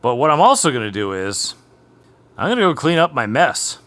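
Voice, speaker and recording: A man's voice: mid-range voice, sing-song, normal speed, a bit bright. A man talks casually in his home garage as he works on an old race car. He rambles through an amused story, piling on asides as he goes. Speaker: garage vlog host. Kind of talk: casual chat while working on a race car.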